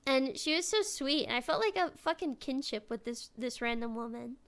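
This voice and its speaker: Chatty young woman with a high voice. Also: animated, normal speed, a bit bright, clear, resonant tone. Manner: rambling, swears freely, frequent restarts. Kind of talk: casual chat.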